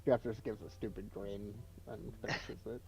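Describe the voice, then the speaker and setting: A man's voice: lowish voice, steady tone, moderate pace, vocal fry, darkish tone, breathy edge, faint music behind, rough recording. Rambling, joking man player. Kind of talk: casual chat at a tabletop game.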